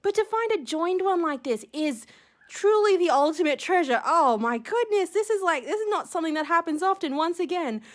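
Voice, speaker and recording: A woman's voice: very high voice, lively intonation, moderate pace. A young woman unboxing seashells on her vlog, gushing and giddy, gasping with delight. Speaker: shell collector unboxing a gift.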